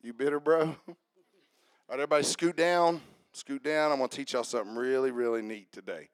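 A man preaching a sermon as pastor, lively and interactive, calling on his congregation to answer and come up front. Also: medium pitch, fairly quick, clear, resonant tone, dry recording, studio quality. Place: church.

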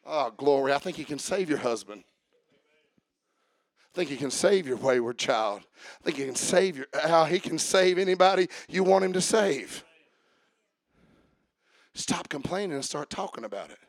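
A man preaching a sermon, swinging from quiet talk to shouting and chanting as he coaches the congregation. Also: on the high side, lively intonation, moderate pace, pauses often, dry recording, clean studio sound.

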